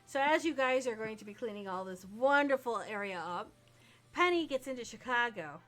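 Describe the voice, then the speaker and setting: Bright-voiced woman running a tabletop game. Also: fairly high pitch, expressive, normal speed. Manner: casual and profane. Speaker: game master.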